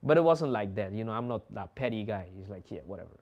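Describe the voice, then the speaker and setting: With a lowish voice and quick delivery, this young host from the Netherlands tells stories in a loose, casual chat, though the recording's highs are cut off. He's animated, laughing and cursing throughout.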